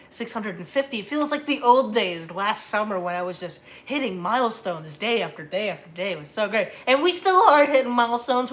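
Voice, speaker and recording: A tired woman hosting a casual livestream, chatty and rambling and quick to get excited. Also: mid-range voice, dull audio. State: tired after a long day. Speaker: livestream host.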